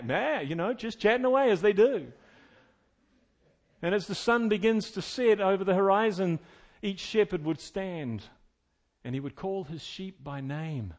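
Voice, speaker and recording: A middle-aged male pastor preaching a sermon, moving between loud, emphatic preaching and quiet, folksy storytelling with chuckled asides. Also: high-pitched.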